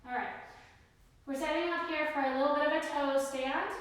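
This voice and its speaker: A woman leads a live yoga class, calling out each breath and pose in a high voice. She is out of breath but keeps cheering her students on. She is heard from across a studio with a long, echoing reverb. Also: fairly quick. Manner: energetic breath-paced cueing with cheers. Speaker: yoga instructor. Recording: roomy distant studio echo.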